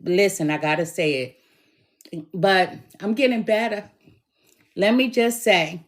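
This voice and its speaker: A middle-aged woman giving a tarot reading in an emphatic, encouraging way, her voice hoarse from bronchitis. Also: medium pitch, a little slow. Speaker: tarot reader.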